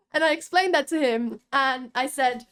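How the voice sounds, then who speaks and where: Excitable young woman vlogger, high-pitched. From Italy. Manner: excited, breathless, laughs often and restarts sentences. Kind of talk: casual storytelling to camera.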